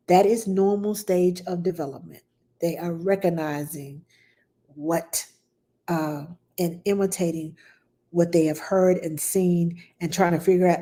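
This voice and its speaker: A nanny answering viewers' baby questions in casual talk, reassuring and lively, acting out baby sounds and repeating "yes" for emphasis. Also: female voice, on the low side, unhurried. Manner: animated, acts out baby talk and her own quotes.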